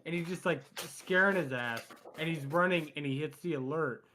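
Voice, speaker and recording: A young man co-hosting a casual podcast, joking and teasing his friends and quick to laugh. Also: on the high side, sharp tone, a little hiss or hum. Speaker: podcast co-host. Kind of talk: casual chat.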